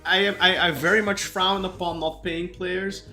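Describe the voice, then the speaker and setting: Animated co-host, bright sharp voice, swears freely, stammers on restarts, faint music. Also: male voice, high voice, unhurried. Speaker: podcast co-host. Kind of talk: casual football chat.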